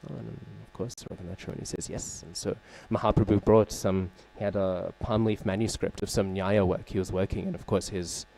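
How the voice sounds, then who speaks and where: Male temple class speaker, fairly low voice with a warm, soft tone; casual storytelling lecture that keeps checking in with listeners. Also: fairly even intonation, brisk, vocal fry, few pauses. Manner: conversational, frequent "right?" check-ins and fillers; openly searches for names and terms. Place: temple hall.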